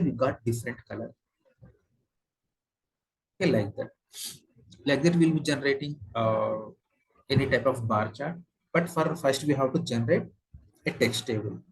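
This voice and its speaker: Male trainer, Indian English accent, mid-pitched husky voice, patient step-by-step tutorial delivery with fillers. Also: poor audio. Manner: explains step by step with many fillers and repeats. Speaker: software trainer. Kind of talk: screen-share tutorial lesson.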